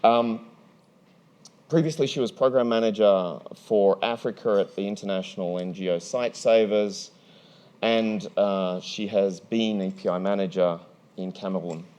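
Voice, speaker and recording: A man moderating a conference panel in a large hall, energetic and playful, often restarting his sentences. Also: on the low side, measured pace, clear, resonant tone.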